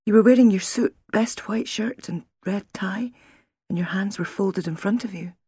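A woman reading an audiobook, voicing a frightened young wife with a hoarse, shaky, breathless voice, raised in pitch and sometimes whispered. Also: normal speed, dark tone, dry recording. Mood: fearful. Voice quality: hoarse, strained. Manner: shaky, breathless, near tears.

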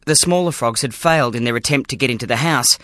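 An audiobook reader narrating a children's story in the first person with dramatic, expressive delivery. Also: mid-range voice, fast, no room sound, studio quality. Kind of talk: scripted narration.

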